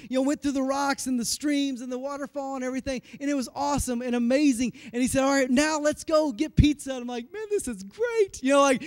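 A pastor in his forties preaching a sermon, telling a personal story in an animated, self-deprecating way. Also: very high voice, no echo, clean studio sound. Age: 40s.

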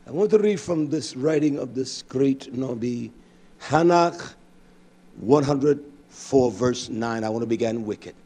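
A man preaching a fiery sermon with impassioned swings from shouting to hushed tones. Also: medium pitch, expressive, a little slow.

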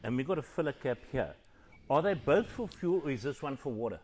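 Fast-talking man bantering. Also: medium pitch, animated, a little mellow. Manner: quick, playful questions and banter. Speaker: co-host. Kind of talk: casual chat.

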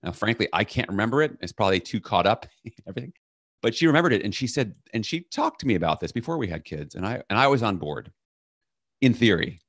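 Middle-aged guy w/ a really low voice, lively storyteller, dry close mic. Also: fast talker, slightly rough, no echo. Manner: animated, acts out quoted commands loudly. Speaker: leadership coach, podcast guest. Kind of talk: storytelling in a podcast interview.

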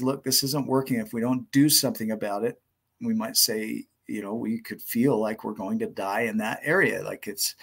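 A man giving a calm, reflective motivational talk, repeating key phrases. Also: fairly low pitch, slightly rough. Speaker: motivational speaker and storyteller. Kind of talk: motivational talk with told story.

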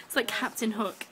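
A young woman, gushing excitedly to camera in a casual vlog, full of fillers. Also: a little high. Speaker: vlogger.

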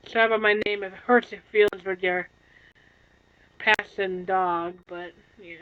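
A tired woman streamer in casual chat, soft-spoken and apologetic, yawning now and then. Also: medium pitch, steady tone, moderate pace, lo-fi sound, background noise.

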